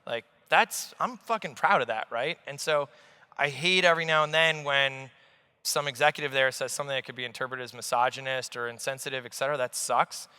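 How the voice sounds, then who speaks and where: A man in his forties, an investor telling stories in an animated, blunt way on a conference stage, swearing freely. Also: medium pitch, fairly quick, clear, resonant tone. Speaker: investor guest. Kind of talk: on-stage conversation. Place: large conference hall stage. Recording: long hall reverb.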